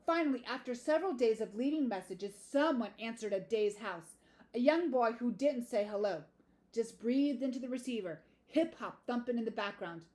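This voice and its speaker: A woman reading a first-person audiobook in a measured, plain way. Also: on the high side, animated, darkish tone. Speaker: audiobook narrator.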